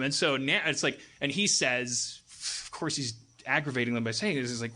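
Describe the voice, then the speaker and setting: A man's voice: medium pitch, moderate pace, hardly any pauses. A man hosting a talk show, telling a rambling, profane story and acting out the people in it. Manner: profane, animated, acts out quoted people in raised voices. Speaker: podcast host. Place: live stage.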